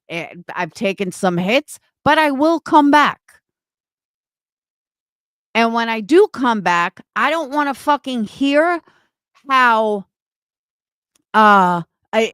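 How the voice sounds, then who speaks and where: A woman's voice: a little high, lively intonation, slow pace, long pauses, fairly bright tone, smooth, no room sound. A woman streamer delivering an angry, profane, confrontational rant on a livestream.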